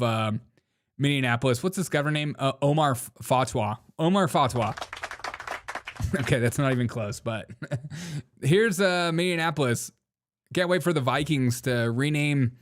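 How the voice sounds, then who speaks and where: Male host, casual live commentary, mocking, laughs a lot, mid-pitched voice. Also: normal speed. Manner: mocking, laughs often, calls people dude.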